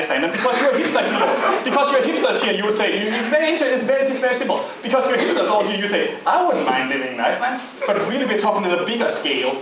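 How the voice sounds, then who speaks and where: A man from the Faroe Islands gives a rambling, joking, provocative lecture, halting and restarting as he talks. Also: high-pitched. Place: gallery lecture space. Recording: echoey, dull, noisy, far from mic.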